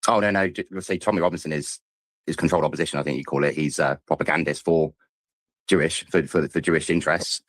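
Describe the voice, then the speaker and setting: Caller: British man, very low voice, rapid stammering delivery, dry close sound. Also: fairly even intonation, dry recording. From Britain. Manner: rushed, stammering, repeats words. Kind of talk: call-in rant.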